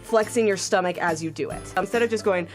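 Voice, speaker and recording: A woman's voice: mid-range voice, fast talker, music in the background. A young woman coaching a screaming vocal tutorial, upbeat and encouraging, demonstrating with sighs and growls.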